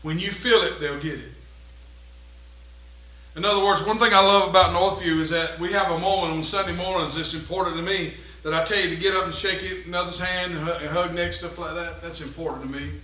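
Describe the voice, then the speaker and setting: A man pastor preaching a sermon and leading a closing prayer, dropping to quiet musing and then rising into loud exhortation. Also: high voice, steady tone, brisk, roomy sound, rough recording. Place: church sanctuary.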